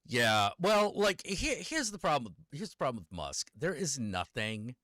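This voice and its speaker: A man co-hosting a casual chat, animated, swinging between loud emphasis and low mutters. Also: unhurried, dry recording, studio quality.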